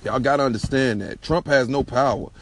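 A man's voice: medium pitch, a little fast, slight background noise. A man hosting a solo podcast, talking in a casual, slangy, profane and rambling way. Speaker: podcast host.

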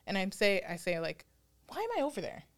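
A woman's voice: mid-range voice, very animated, a little fast. A woman co-hosting a podcast in casual, reflective chat, laughing often and putting on playful voices for her inner thoughts. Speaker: podcast co-host.

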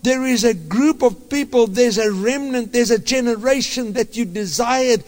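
Impassioned high-voiced male preacher. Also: a little mellow, long reverb tail. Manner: impassioned, halting with many restarts. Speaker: pastor. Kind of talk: sermon.

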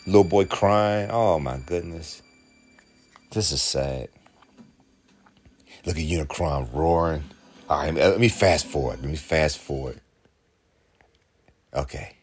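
A man giving an excited, emotional reaction commentary while watching a film. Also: a bass voice, slow, long pauses, faint music behind. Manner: emotional, exclaiming, laughing often. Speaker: reaction video host.

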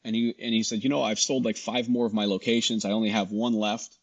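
A middle-aged man, a guest in a casual interview, telling his story with animated dialogue and frequent restarts. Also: fairly low pitch, fast. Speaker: guest, shop founder.

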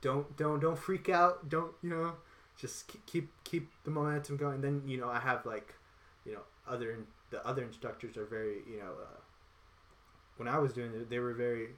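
Chatty man with an average-pitched voice who rambles and plays out dialogue as he talks. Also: fairly even intonation, a little fast, a bit bright. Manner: rambling, acts out quoted dialogue. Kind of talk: casual chat.

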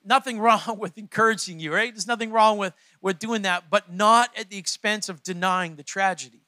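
A man's voice: high voice, moderate pace, sharp tone, no room sound. A male pastor preaching a conversational sermon to his church, often repeating his words as he goes. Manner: conversational, repeats words, laughs between points.

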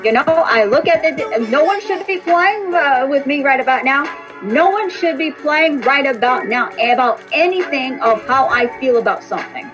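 A woman's voice: high-pitched, animated, moderate pace, music in the background, low-quality recording. A woman reader and podcast host speaking in a blunt, repetitive, profane monologue. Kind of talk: casual spoken monologue.

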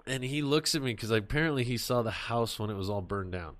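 A man hosting a podcast, chatting casually and telling animated, profane stories. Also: mid-range voice, brisk. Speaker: podcast host. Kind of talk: casual chat.

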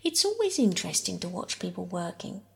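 A woman reading a classic children's novel aloud as soft, often whispered bedtime story narration. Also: on the low side, big pitch swings, a little fast, vocal fry, slightly rough. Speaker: audiobook reader.

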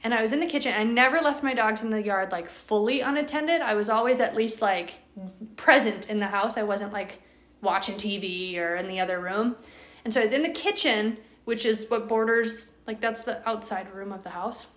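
A young woman hosting a podcast, telling a story in a chatty, animated way with lots of fillers. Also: a little high, moderate pace, roomy sound. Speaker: podcast host. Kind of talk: casual storytelling.

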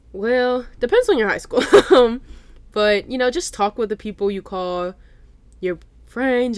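A woman's voice: mid-range voice, no echo. A woman in her twenties hosting a casual solo podcast, chatty and full of "like" and "y'all". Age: 20s. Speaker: podcast host.

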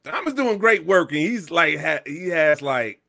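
A man's voice: on the high side, animated, normal speed, gravelly, bright, forceful tone. A man co-hosting a live talk stream, joking and riffing in playful casual chat. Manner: playful, jokey, laughs and riffs. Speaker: co-host of a wrestling talk stream.

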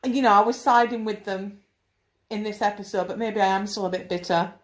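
A woman's voice: mid-range voice, fairly even intonation, brisk. A young woman co-hosting a casual film-review chat, teasing and ribbing her co-host with dry jokes. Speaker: podcast co-host.

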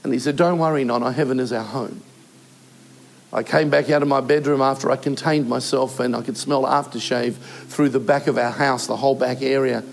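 Older man, pastor, heartfelt sermon delivery with pauses; gravelly voice. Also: mid-range voice, fairly even intonation, slight background noise. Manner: earnest, emotional preaching with short pauses.

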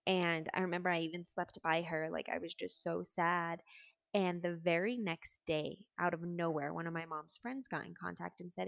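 A woman's voice: lowish voice, steady tone, normal speed, vocal fry, a bit bright, dry recording. A woman in her twenties telling her personal story in a candid, earnest way, with casual fillers.

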